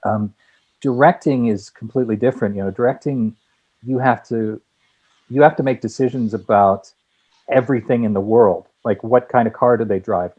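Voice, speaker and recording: A man who is a guest screenwriter and director, telling lively anecdotes with many restarts in a casual interview. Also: mid-range voice, moderate pace, breathy edge, muffled recording.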